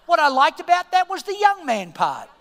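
A middle-aged Australian man preaching a sermon as pastor, an animated storyteller who swings from hushed asides to loud excited peaks. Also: very high-pitched, moderate pace. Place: church auditorium. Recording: long reverb of a large church hall.

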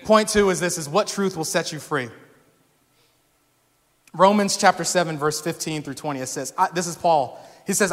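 High-voiced young man preaching in a reverberant hall. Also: normal speed. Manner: casual, animated storytelling, rising to shouts. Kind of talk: sermon. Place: church sanctuary.

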